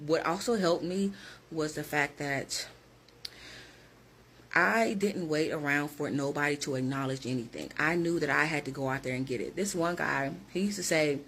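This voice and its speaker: A woman's voice: low voice, normal speed, fairly bright tone, slight background noise. A woman who works as a hiring manager, talking straight to her viewers in a direct, emphatic motivational vlog.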